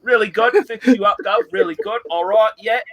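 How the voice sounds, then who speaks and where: A man's voice: high voice, a little fast, lo-fi sound, pitched above the performer's own voice. A man putting on a brash British pub bloke. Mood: blustering. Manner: blustering, repeating "all right?". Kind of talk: online group chat.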